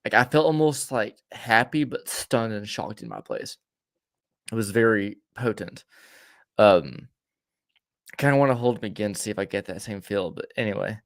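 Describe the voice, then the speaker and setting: A man's voice: fairly low pitch, expressive, moderate pace, creaky, dry recording, clean studio sound. A man co-hosting a podcast, telling a rambling story in casual chat, with many stammers and restarts. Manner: rambling, stammering restarts, acts out quoted voices. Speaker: podcast co-host.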